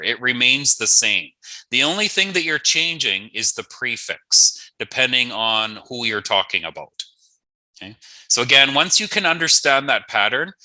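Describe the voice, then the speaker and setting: A man's voice: mid-range voice, pushed and bright, no echo, low-quality recording. A man teaching an online language lesson, patiently saying each word twice and adding playful asides.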